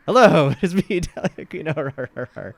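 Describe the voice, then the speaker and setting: A man's voice: on the high side, expressive, a little fast, vocal fry, no room sound, voice pushed up. A man voicing a brash, silly female monster from a video game, with goofy roars.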